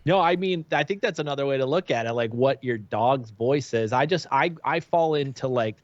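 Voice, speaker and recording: A man's voice: mid-range voice, moderate pace, no echo, highs cut off. A man guesting on a podcast, chatting eagerly and filling his talk with "like". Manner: chatty, enthusiastic, lots of "like". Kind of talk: casual chat.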